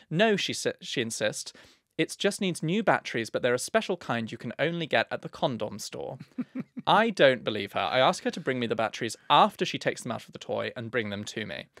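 A man's voice: mid-range voice, a bit bright, no room sound, clean studio sound. A man co-hosting a podcast, chatting casually in a playful, teasing, mock-grand way. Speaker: podcast co-host.

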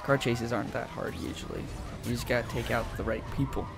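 A man chats casually through his gameplay and calls out his moves with excitement. His voice has a gravelly fry to it, and game music plays loudly under him. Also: mid-range voice, quick pace. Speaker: gameplay commentator. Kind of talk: let's play commentary.

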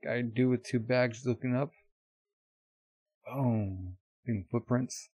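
A man's voice: mid-range voice, level tone, normal speed, a little mellow, no room sound, dull audio. A man doing a live reaction, reading a manga aloud and describing the panels in short bursts.

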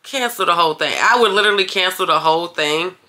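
A woman's voice: fairly low pitch, fast talker, bright, forceful tone. A woman vlogging casually to her viewers, chatty and blunt, calling them y'all and cursing when annoyed. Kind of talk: casual vlog talk to camera.

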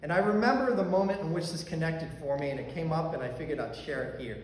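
Guy pastor telling a story from the pulpit, kinda high voice, big echoey church hall, faint hiss. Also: quick pace. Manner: personal storytelling, conversational with fillers and restarts. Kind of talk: sermon. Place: church sanctuary. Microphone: handheld or stand mic that fell during talk.

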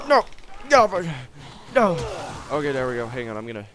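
A young man plays a video game through a gaming headset and chats casually over it, goofing around, rambling, yelping, and doing silly voices. His medium-pitched voice swings wildly in pitch at a normal speed and sounds slightly bright. There's a faint hiss or hum.

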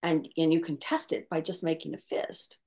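Reflective middle-aged woman, lowish voice. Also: fairly even intonation, moderate pace, darkish tone. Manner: reflective, with many restarts and repeated words. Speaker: caregiver coach. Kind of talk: conversational interview talk.

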